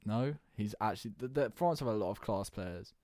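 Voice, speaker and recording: A young man in lively, argumentative podcast banter, his voice a touch low and heard close and dry. He rattles through lists of names and pushes his points with quick energy. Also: dry recording. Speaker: podcast co-host. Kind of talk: casual sports banter.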